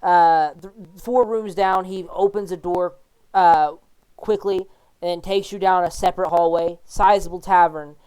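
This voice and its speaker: A woman's voice: lowish voice, fairly even intonation, unhurried, darkish tone, clean tone. A woman narrating as game master in a casual, filler-heavy way.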